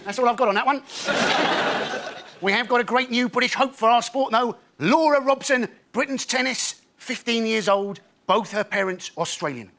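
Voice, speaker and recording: A man's voice: very high voice, normal speed, fairly bright tone, a little hiss or hum. A man delivering dry topical one-liners as a comedy panellist. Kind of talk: stand-up routine on a panel show.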